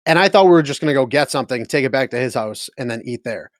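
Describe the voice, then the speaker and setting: A man's voice: mid-range voice, animated, quick pace, no echo, studio quality. A man co-hosting a podcast in casual chat, laid-back and profane, sometimes searching for words. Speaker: podcast co-host.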